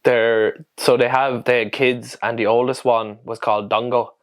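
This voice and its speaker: Irish male co-host, young adult, mid-pitched voice, loose sweary storyteller. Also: little pitch movement, moderate pace. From Ireland. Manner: swearing anecdotal storyteller, laughs a lot. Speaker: podcast co-host. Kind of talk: casual chat.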